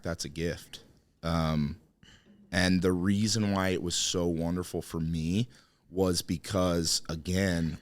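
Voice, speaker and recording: A man hosting a podcast, talking in an earnest, impassioned way and often calling his guest "dude". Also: sits low. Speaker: podcast host. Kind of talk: casual chat.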